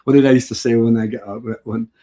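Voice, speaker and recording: A man's voice: mid-range voice, steady tone, quick pace, mellow. A middle-aged man chatting casually on a live stream, rambling and heartfelt, often breaking into laughter.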